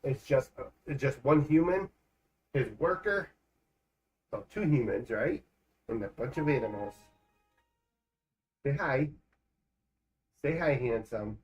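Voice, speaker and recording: A man's voice: mid-range voice, animated, husky. A man livestreaming a game from home, chatting in a rambling, joking way. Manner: chatty and rambling, quick jokes. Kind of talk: casual gaming livestream chat.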